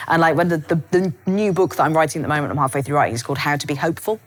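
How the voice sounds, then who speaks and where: Woman, 50s, low-pitched guest author; rapid, comic, self-mocking storyteller. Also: a little hiss or hum. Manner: rapid, animated storytelling with frequent laughs. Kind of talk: live podcast conversation.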